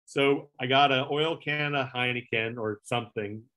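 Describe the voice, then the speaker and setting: A man's voice: medium pitch, normal speed, sharp tone. A middle-aged man, a former late-night segment producer, casually telling a long anecdote with lots of fillers and acted-out quotes. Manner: rambling anecdotal storyteller, many fillers, swearing, acts out quotes. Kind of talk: casual storytelling interview.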